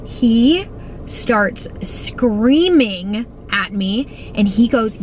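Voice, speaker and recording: A young woman with a fairly high voice tells a story in casual chat, swearing freely and acting out what people said. She talks into a phone camera from a parked car. A faint hum of car ambience sits behind her. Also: lively intonation, very slow, darkish tone, poor audio. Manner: chatty, swears freely, acts out quotes. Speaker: vlogger.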